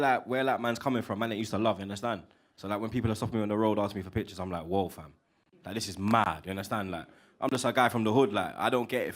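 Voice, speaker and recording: A man, chatting casually as a regular fan guest, full of slang and animated asides. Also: on the low side. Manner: heavy street slang, animated, laughing asides. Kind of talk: casual chat.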